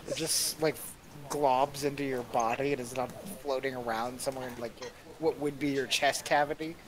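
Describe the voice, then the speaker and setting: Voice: medium pitch, normal speed, poor audio. A game master narrating a tabletop game, describing scenes with frequent laughter. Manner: laughs often, animated describing.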